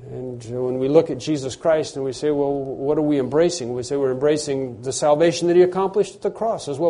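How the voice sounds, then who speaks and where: A man's voice: mid-range voice, fairly quick, few pauses, mellow. A man preaching a sermon, earnest, often repeating words as he builds to emphatic phrases.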